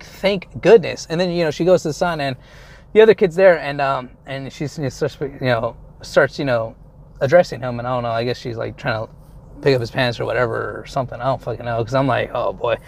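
A man's voice: mid-range voice, creaky. A young adult man telling a story in a casual monologue, rambling along with lots of fillers and casual swearing.

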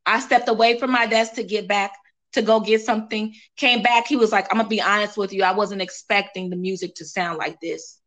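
A woman, a singer sharing a personal story in a casual interview, animated and quoting others with repeated phrases. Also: medium pitch, fairly quick.

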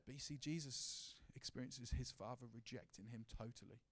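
A man preaching a sermon in an earnest, personal way, sometimes dropping to a hushed voice. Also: mid-range voice, normal speed, hardly any pauses.

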